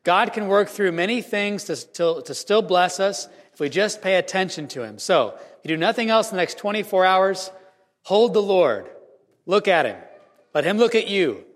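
A man giving a Christmas homily as a priest, telling a story earnestly with measured pauses in a church. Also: high-pitched, lively intonation. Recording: reverberant church hall.

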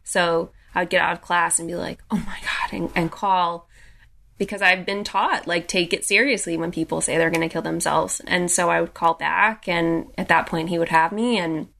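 A woman's voice: lowish voice, fairly even intonation, moderate pace, gravelly, a bit bright. A young adult woman recounting a personal story in a casual way, with frequent "like" and restarts.

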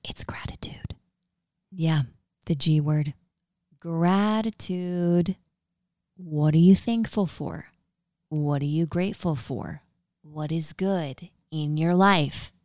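A woman's voice: low voice, takes it slowly, a little mellow, dry recording, studio quality. A young woman hosting a solo podcast, chatting casually and upbeat with lots of fillers and a valley-girl lilt. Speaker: podcast host.

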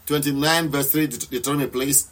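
A man's voice: on the high side, steady tone, fast, fairly bright tone. A man preaching and leading a live prayer session, urging listeners to declare aloud and pray with passion. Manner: repeats declarations with rising intensity. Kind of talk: fervent live sermon and prayer.

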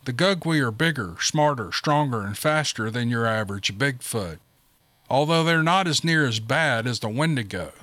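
Man doing a quiet, knowing monster expert. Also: mid-range voice, animated, moderate pace, dry recording, lightly acted.

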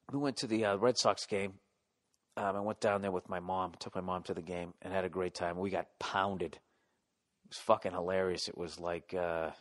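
Ranting Boston man, profane podcast host. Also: on the low side. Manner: profane, ranting, yelling at times. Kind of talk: solo comedic podcast rant.

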